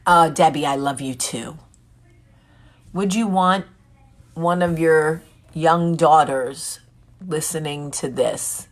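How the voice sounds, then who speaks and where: Speaking slowly in a low voice with long pauses, a woman in her forties hosts a casual live chat for her vlog. She's candid and chatty, cracking jokes while reading out and responding to viewer comments.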